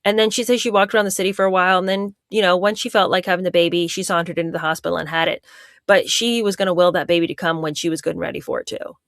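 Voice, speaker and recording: Sarcastic low-voiced woman. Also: steady tone, very fast, no echo, clean studio sound. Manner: sarcastic, incredulous. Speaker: guest commentator. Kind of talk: casual commentary.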